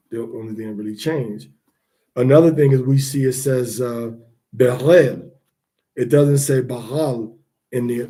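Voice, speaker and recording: A man teaching the pronunciation of scripture words, repeating each sound slowly to demonstrate it. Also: mid-range voice, mellow.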